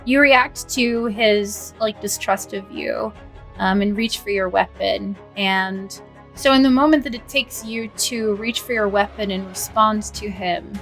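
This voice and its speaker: A woman's voice: mid-range voice, unhurried, a bit bright, faint music behind. A woman running a tabletop game as game master, narrating casually with frequent fillers.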